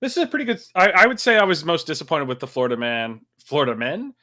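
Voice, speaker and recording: Man, podcast co-host, casual chat, bright tone, lively pitch, hesitant. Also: fast talker. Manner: chatty, hesitant with many "uh" and "like".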